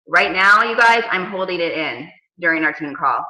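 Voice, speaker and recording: A woman in her thirties coaching her team on a casual video call, telling stories with lively, dramatic asides. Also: on the low side, normal speed, few pauses, echoey room, rough recording. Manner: animated storytelling with dramatic quoted asides.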